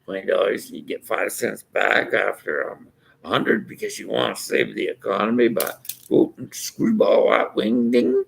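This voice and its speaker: Older Irish bloke, very gravelly, abrasive rambling vlog rant. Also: male voice, medium pitch. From Ireland. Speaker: vlogger.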